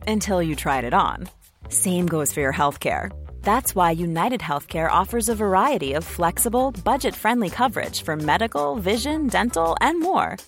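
A woman's voice: fairly low pitch, lively intonation, moderate pace. A woman reading a scripted commercial in a friendly, upbeat way over faint music.

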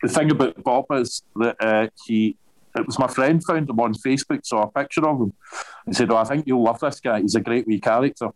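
An actor chatting casually over a video call from home, telling stories and laughing often. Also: male voice, medium pitch, fairly quick, low-quality recording. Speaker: guest actor.

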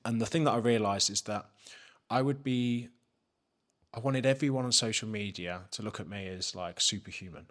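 Guy on a podcast, low voice but bright and punchy, swears a lot, acts out his own thoughts. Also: steady tone, a little fast. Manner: frank, swears freely, acts out his own inner questions. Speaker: podcast guest. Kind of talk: candid personal story.

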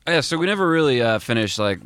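A man's voice: medium pitch, big pitch swings, quick pace, a bit bright, clear, resonant tone, no echo, studio quality. A laid-back man in a band chatting and plugging a gig on a podcast. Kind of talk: casual chat.

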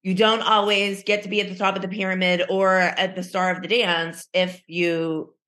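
A woman's voice: medium pitch, level tone, moderate pace, fairly bright tone. Laid-back woman chatting on a podcast. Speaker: podcast co-host. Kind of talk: casual chat, recapping a reality show.

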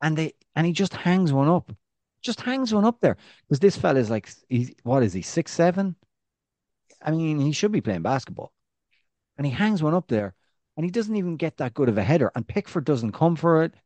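Male podcast co-host, casual football chat, animated storyteller, dry close mic. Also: moderate pace, no echo. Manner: animated storyteller, restarts, rising pitch when excited.

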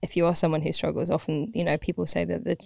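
A woman's voice: low voice, flat delivery, quick pace, vocal fry, a little mellow. A woman who teaches pottery, chatting casually as a podcast guest in a rambling, self-deprecating way with frequent laughs.

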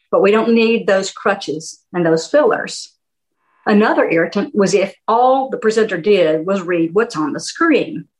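A woman's voice: mid-range voice, low-quality recording. A woman giving a conversational talk on speaking skills, acting out little examples. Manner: conversational, animated, with little demonstrations. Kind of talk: workshop talk.

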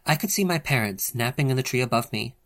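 Man reading an audiobook, playful and dramatic, ordinary pitch. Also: animated, fast, fairly bright tone. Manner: playful, theatrical storytelling. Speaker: audiobook reader. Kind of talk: expressive audiobook narration.

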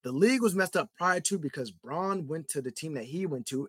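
A man's voice: a little high, expressive, a little fast, few pauses, a bit bright, slightly rough, dry recording. A young man hosting a solo sports podcast, rambling and getting heated, full of "like" and "bro". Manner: rambling, heated, repeats himself with lots of "like" and "bro". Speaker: podcast host. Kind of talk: solo sports talk rant.

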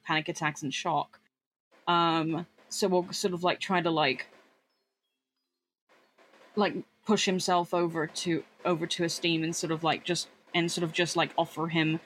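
Bright-voiced man narrating a role-play character. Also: a little high, poor audio. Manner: rambling, hesitant, with restarts and fillers. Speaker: tabletop role-play player. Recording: faint background noise.

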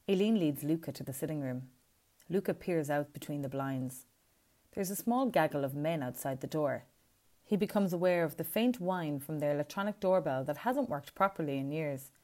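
A woman reading a story as scripted narration, in a measured, even way. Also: low-pitched. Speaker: audiobook reader.

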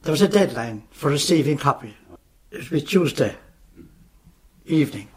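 A man's voice: on the high side, animated, normal speed, a little mellow, slightly rough. A man recalling old times in an interview, explaining things with digressive asides. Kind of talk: reminiscing interview.

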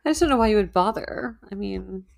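Expressive woman guest, dry close sound. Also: mid-range voice, a little fast, gravelly, dry recording. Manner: mild, hedging remarks. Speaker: podcast guest. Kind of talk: casual chat.

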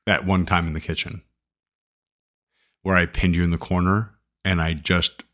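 A man's voice: sits low, fairly even intonation, moderate pace, fairly bright tone. A man in casual chat who teases a lot and laughs often. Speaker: podcast co-host.

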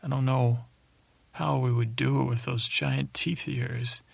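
A man voicing a rambling, flirtatious male cat knight in a meandering bedtime story for a sleep podcast, halting with many fillers. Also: medium pitch, flat delivery, vocal fry, slightly rough, no room sound, heavily acted.

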